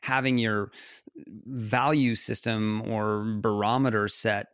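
A man, a guest in a conversation, telling a story in an animated way with quick asides and frequent laughs. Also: fairly low pitch, no echo, clean studio sound. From United States.

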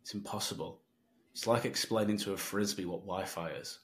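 A confident man coaches on sales in a relaxed podcast chat and explains his points with playful examples. His voice sits a little low. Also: a little fast. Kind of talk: conversational teaching.

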